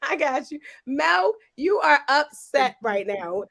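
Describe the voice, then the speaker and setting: Host, woman, high voice, playful teasing podcast banter, dry close sound. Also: big pitch swings, slow pace, gravelly, a bit bright, dry recording. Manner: playful, teasing, laughs often. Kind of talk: casual chat.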